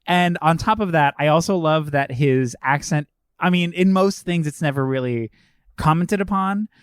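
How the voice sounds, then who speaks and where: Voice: medium pitch, moderate pace, clear, resonant tone, no echo, studio quality. A podcast co-host discussing a film in a casual, jokey way with playful asides.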